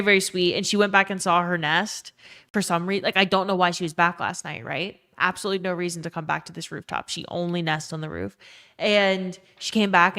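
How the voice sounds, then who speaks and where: Her voice is lowish and fairly bright as she hangs out with her chat during a live stream. She answers viewers and tells a tender story, leaning heavily on "um" and "like" and letting a few swear words slip.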